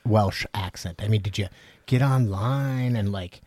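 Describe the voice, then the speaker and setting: A man talks in a loose, joking way and swears freely. His voice is husky and sits low. The recording is dry, with no echo. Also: measured pace, a little mellow. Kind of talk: casual chat.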